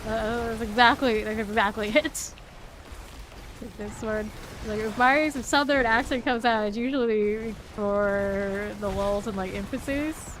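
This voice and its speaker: A woman's voice: a little high, unhurried. A woman from Central Florida chatting casually with her viewers while playing a game, laughing often. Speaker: streamer. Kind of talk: casual live-stream chat while gaming. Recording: steady background noise.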